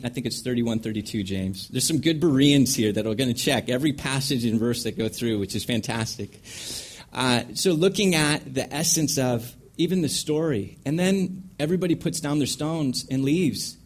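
Lively man teaching scripture. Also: mid-range voice, moderate pace. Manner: lively, acts out scenes with sound effects. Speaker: Bible teacher leading a panel. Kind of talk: teaching talk on counseling.

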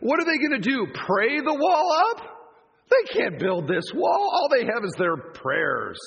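A man's voice: fairly high pitch, huge pitch swings, extremely slow, creaky, slightly rough, highs cut off, exaggerated voice. A man preaching, putting on the scornful taunting voice of a sneering male ringleader who mocks his enemies. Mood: mocking. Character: sneering ancient male enemy ringleader, mocking. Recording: long church hall reverb.

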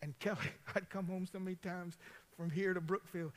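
A man's voice: high-pitched, level tone, brisk. A man, a pastor preaching a folksy, conversational sermon full of personal stories, talking straight to his congregation. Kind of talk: storytelling sermon.

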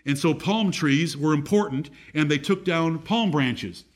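An American man delivers a Bible-teaching sermon, reading scripture aloud in a raised, declaiming voice and putting questions to the audience. His voice is a little high and his pace measured.

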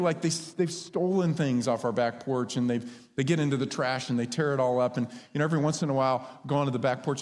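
A man preaching a sermon as pastor, conversational and lively when he tells stories. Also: a little high. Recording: long hall reverb.

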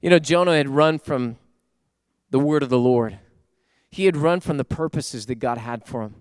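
A man preaching a sermon as pastor, swinging emphatically between loud bursts and soft, quiet stretches, speaking to listeners at home. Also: mid-range voice, normal speed, clean tone, dry recording, clean studio sound.

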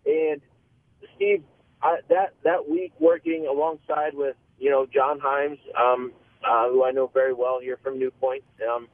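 Male caller on a phone line, earnest and halting, tinny phone sound. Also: medium pitch, animated. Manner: earnest, halting storyteller with many restarts. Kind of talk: call-in testimony.

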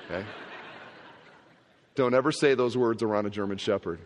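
A male pastor preaching a sermon, telling a humorous story in a conversational, animated way. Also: lowish voice, moderate pace, slight background noise. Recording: long hall reverb.

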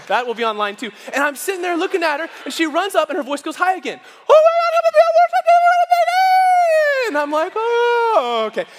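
A man preaching as pastor, telling a story with lively acted-out voices. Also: very high voice, in a large hall. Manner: animated storytelling, acts out quoted voices. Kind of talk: storytelling sermon. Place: church sanctuary.

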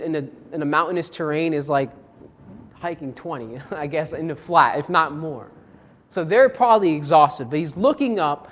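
A preacher giving a sermon and reading scripture aloud, shifting between quiet, low reflective lines and raised, emphatic ones, often asking rhetorical questions.

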